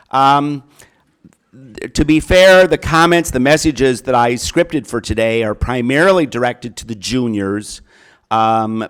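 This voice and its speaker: Brief: middle-aged male speaker, Minnesota accent, clear resonant tone, folksy address. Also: medium pitch, fairly bright tone. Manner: folksy, repeats phrases. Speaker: college counselor. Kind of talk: keynote speech.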